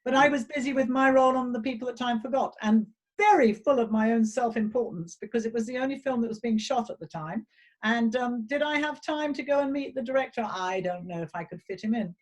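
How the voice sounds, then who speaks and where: A woman tells a self-deprecating story over a video call. She is chatty and fills her pauses with ums. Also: a little high. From England. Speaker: guest actress. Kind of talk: casual anecdote on a video call.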